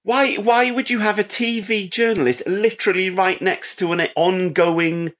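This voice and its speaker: A man's voice: high voice, steady tone, normal speed, fairly bright tone. A man co-hosting a film podcast, making wry, sweary, mocking asides in casual chat. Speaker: podcast co-host.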